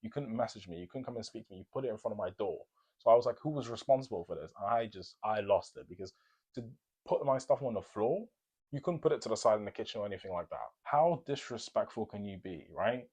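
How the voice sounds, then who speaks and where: Young male co-host, lowish voice, telling animated stories in a relaxed chat. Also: quick pace, slightly rough. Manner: animated, ranting with laughter. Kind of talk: casual storytime chat.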